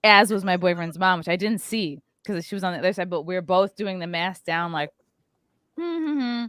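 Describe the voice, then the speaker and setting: A woman, hosting a podcast and telling a story in a lively chat, acting out the voices of the people in it. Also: lowish voice, brisk, clean tone, no room sound. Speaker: podcast host.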